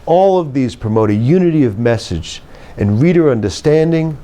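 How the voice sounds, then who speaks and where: A man teaches writing in a scripted lecture. His voice is mellow and lowered in tone, but his pitch moves in a lively way. He stresses key words and lets each sentence settle with a falling close. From United States. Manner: measured, emphatic, drops pitch at phrase ends. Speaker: writing instructor.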